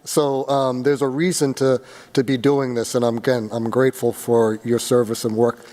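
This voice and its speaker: Flat-voiced man chairing a meeting. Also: mid-range voice, long reverb tail. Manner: halting, hedging with fillers. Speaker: board chair. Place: city council chamber.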